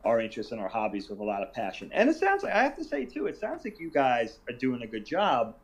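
A man in his forties, a podcast guest, talking in an animated, enthusiastic casual chat. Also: mid-range voice, quick pace, muffled recording.

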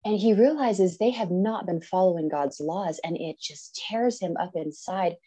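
A woman in her thirties tells her own story as a podcast guest. She speaks earnestly and vividly and slips into the voices of the people in her story. Her voice sits a little low, with a warm, mellow tone. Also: moderate pace, husky, poor audio. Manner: earnest, animated, acts out quoted speech. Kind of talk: personal storytelling.

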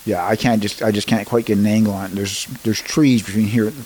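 A man's voice: lowish voice, steady tone, fairly quick, darkish tone, slight background noise, rough recording. A man hosting a community radio show, reading announcements and chatting in a rambling way with fillers and restarts in a studio. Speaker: radio host.

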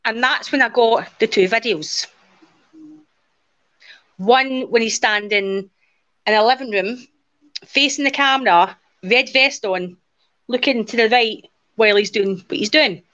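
A woman's voice: fairly high pitch, a little slow, long pauses. A woman in her forties, a guest in an interview, casually telling a personal story and acting out the dialogue as she goes. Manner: lively retelling that acts out quoted dialogue. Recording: dull lo-fi audio.

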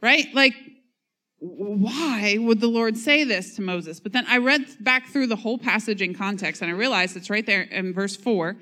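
A woman's voice: mid-range voice, moderate pace, pushed and bright. A woman pastor preaching a sermon in a conversational way, reading scripture, acting out quotes and joking at her own expense. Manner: conversational, self-mocking humor; reads scripture and acts out quotes.

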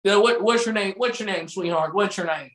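Casual talk-show banter comes from a male co-host whose voice is high-pitched, a little fast, and fairly bright. He cracks jokes and plays out small scenes, all in a roomy, echoing space.

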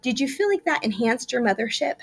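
Gravelly-voiced woman hosting an interview. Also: high-pitched, sing-song, brisk. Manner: affirming, echoes and sums up the guest. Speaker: podcast host. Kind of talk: casual interview.

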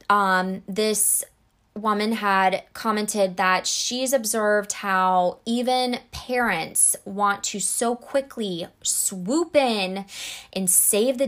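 A woman talking casually to camera about emotional support, earnest and conversational, with acted-out examples. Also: medium pitch.

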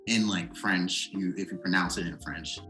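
Young male guest, very low pitch with a bright edge, reflective casual talk. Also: moderate pace, soft background music, rough recording. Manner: relaxed, reflective, lots of fillers. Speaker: podcast guest. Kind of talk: casual chat.

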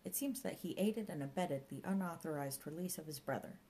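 A woman's voice: low voice, fairly quick, mellow, slight background noise, natural voice, low-quality recording. A woman reading an audiobook and voicing a grandiloquent, pompous middle-aged male park ranger who fancies himself a martial arts mentor. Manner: grandiloquent, theatrical. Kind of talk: audiobook character voice.

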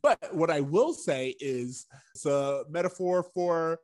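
Wry, laughing young man, higher pitch. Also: unhurried. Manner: animated, wry, laughs often. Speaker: podcast co-host. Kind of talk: casual rewatch podcast chat.

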